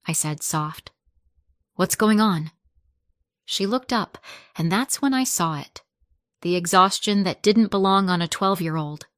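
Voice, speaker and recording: A woman narrates a scripted first-person story at an unhurried, deliberate pace. Her voice sits a little low and stays soft and measured. The recording is dry and close, with no room sound. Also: no echo.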